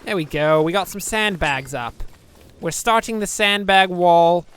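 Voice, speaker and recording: A man's voice: high-pitched, measured pace, a bit bright, smooth. A man giving rambling, joking let's-play commentary, chatting to viewers with self-deprecating asides. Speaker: gameplay commentator.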